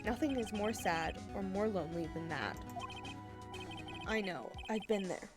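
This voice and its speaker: A woman's voice: mid-range voice, unhurried, natural voice. A woman reading the lines of an earnest, determined young male defense lawyer, with video game music playing behind.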